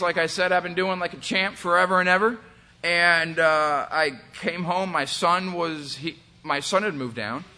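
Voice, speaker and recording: A man in his forties shares a candid, rambling recovery testimony, swearing freely and filling gaps with verbal fillers. His voice is a little high with a sharp tone.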